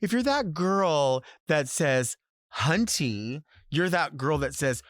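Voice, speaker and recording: A man's voice: a little high, lively intonation, slow, no echo, studio quality. A man who hosts as a drag queen, talking in a campy, sassy way and stretching words out for emphasis. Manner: sassy, conversational. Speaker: podcast host, drag queen. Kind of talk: casual solo monologue.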